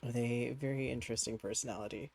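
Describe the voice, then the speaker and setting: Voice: mid-range voice, fairly even intonation, fast, darkish tone, poor audio. A streamer chatting casually while playing a game at a home desk, cooing to a pet cat between musing remarks.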